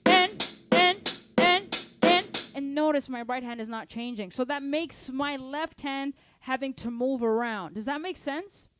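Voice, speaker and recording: A woman's voice: high voice, normal speed, hardly any pauses, faint music behind. A woman teaching a live online drum lesson, explaining exercises and counting beats aloud over her playing. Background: drum kit playing.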